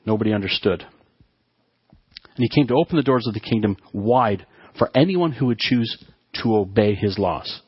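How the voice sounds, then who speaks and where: Low husky guy preaching a sermon, keeps restarting his words, dry kinda muffled sound. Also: lively intonation, no echo. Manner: halting, with frequent restarts and repeated words. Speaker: pastor.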